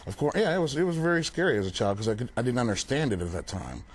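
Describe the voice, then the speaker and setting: A young male paranormal investigator appears as a guest in a casual TV studio interview, talking rapid-fire in a mid-range voice. He's relaxed and plain-spoken, leaning heavily on fillers like "um" and "like."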